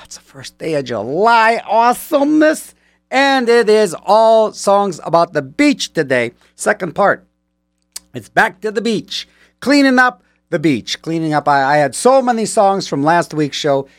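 A man with a fairly high, fairly bright voice hosts a casual radio show on a studio mic, rambling playfully and joking his way through the ads. The recording is dry.

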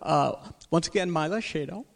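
Man, radio host, gravelly voice, slightly high pitch, chatty, studio. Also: normal speed. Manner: chatty, laughs easily, stumbles over names. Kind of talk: live radio interview chat.

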